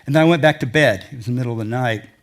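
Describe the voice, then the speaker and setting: In a lecture hall, an older adventure travel speaker presents to an audience, spinning rambling, folksy tales from his journeys. His voice is medium in pitch and he races along.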